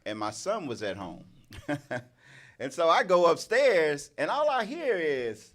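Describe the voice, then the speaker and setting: Middle-aged male co-host, lively animated storyteller, casual discussion. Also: on the high side, a little slow. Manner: animated storytelling, acts out yelling. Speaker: show co-host.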